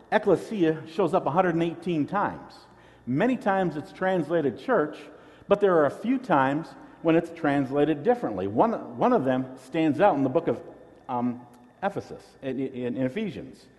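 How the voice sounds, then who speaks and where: A man's voice: on the high side, a little mellow, long reverb tail. A man pastor preaching a sermon, teaching in an earnest way and often repeating a word as he restarts.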